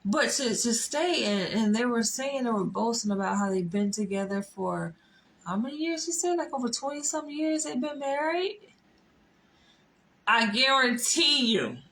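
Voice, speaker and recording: A woman's voice: a little high, lively intonation, normal speed, a bit bright, rough recording. Profane, laughing woman telling a story. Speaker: vlogger. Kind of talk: animated storytelling vlog. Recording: faint background noise.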